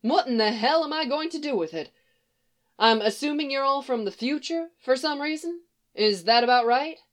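A woman's voice: sits high, normal speed, pitched above the performer's own voice, close to an everyday voice. A woman voicing a brash, frank middle-aged farm mother who is blunt and folksy. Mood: wry.

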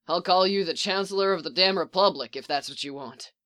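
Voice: mid-range voice, brisk, fairly bright tone, natural voice. A reader voicing Rex, a swearing worn-out soldier man. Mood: breathless, teasing. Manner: swears a lot, blunt and scrappy. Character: weary soldier clone man, profane, teasing. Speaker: clone soldier captain.

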